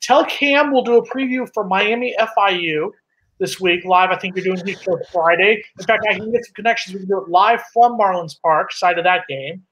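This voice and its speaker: A man with a high-pitched voice hosts a casual sports talk show. He is brash and teasing and keeps ordering his co-host around. He talks fast and pushes his points hard. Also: fairly bright tone, lo-fi sound, slight background noise.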